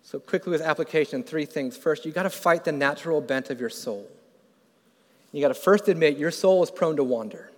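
A man preaching a sermon who asks the congregation questions and builds from quiet to loud and fervent. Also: a little high, brisk, long reverb tail.

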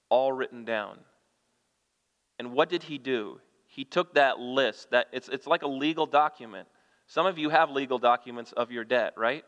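A pastor with a clear, resonant, slightly bright medium-pitched voice preaches at normal speed, reading scripture with increasing emphasis and directing questions at the congregation. The lo-fi recording has the long reverb of a church hall.

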